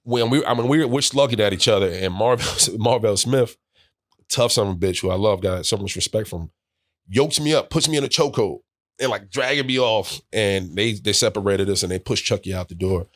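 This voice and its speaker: A man in his forties spins a lively, profane story with scat-like asides. His voice sits low, and the sound is close and dry with no room around it. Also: a little fast, no room sound. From New York, USA. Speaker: guest, former football player. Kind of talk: casual storytelling.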